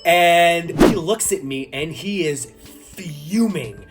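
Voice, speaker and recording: A man, a magician, telling a story in a casual vlog, animated and laughing as he goes. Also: on the high side, takes it slowly, over loud music. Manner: animated, laughs while telling, acts out voices. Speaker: magician and kids' entertainer.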